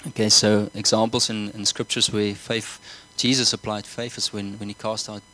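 A man's voice: fairly low pitch, little pitch movement, moderate pace, pushed and bright, poor audio. A man preaching a sermon, earnest, often repeating words and asking the congregation whether they follow. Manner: earnest, repeats himself, asks the congregation questions.

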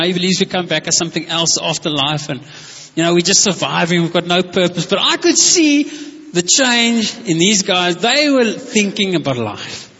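High, husky man preaching in an echoey hall. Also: pushed and bright. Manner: enthusiastic, storytelling, calls out to the congregation. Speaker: pastor. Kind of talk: conversational sermon. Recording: echoey hall, dull lo-fi sound.

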